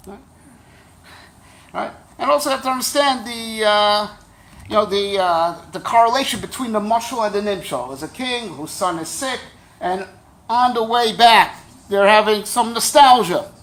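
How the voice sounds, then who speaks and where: A man's voice: sits high, expressive, moderate pace, pauses often, fairly bright tone. A man teaching a Torah class as a rabbi, conversational and wry, often checking in with his listeners. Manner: conversational, keeps checking in with "right?"; wry, joking asides.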